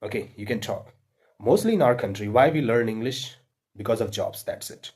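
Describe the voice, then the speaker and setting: A man's voice: lowish voice, animated, normal speed, a little mellow, slightly rough. A man with an Indian accent giving earnest, repetitive spoken advice to English learners, with frequent fillers and restarts.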